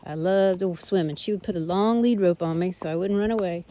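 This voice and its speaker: A woman's voice: fairly low pitch, brisk, warm tone, natural voice. Woman voicing a cheeky old Arabian horse with a Southern drawl. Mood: chatty. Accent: Southern US (put on). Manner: chatty, rambling, teasing drawl. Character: older male Arabian horse, cheeky and stubborn. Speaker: horse owner voicing her horse. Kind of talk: casual in-character monologue. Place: outdoors on a trail.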